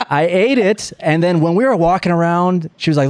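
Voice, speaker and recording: A man telling funny stories as a guest on a podcast, self-deprecating and quick with a joke. His pitch swings all over the place, and the studio sound is close and dry. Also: no echo. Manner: joking, self-deprecating, animated storyteller. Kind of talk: casual comedic chat. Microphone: studio microphone.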